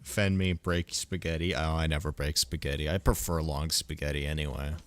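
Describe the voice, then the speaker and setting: A man's voice: very deep voice, steady tone, brisk, a bit bright, dry recording. A young man streaming a game, chatting casually in a rambling, joking way and laughing often. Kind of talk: casual chat while gaming.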